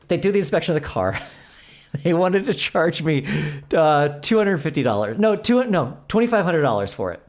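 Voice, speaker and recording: A man's voice: on the high side, brisk. A young adult man co-hosting a podcast, chatting casually and acting out the people in his story. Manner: animated storytelling, acts out quoted exchanges. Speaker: podcast co-host. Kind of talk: casual chat.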